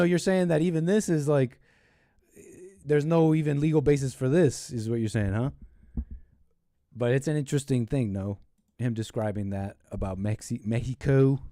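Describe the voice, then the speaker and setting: A man's voice: mid-range voice, warm tone, dry recording, clean studio sound. Rambling male stream host. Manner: rambling, hesitant, self-interrupting. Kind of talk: casual political livestream talk.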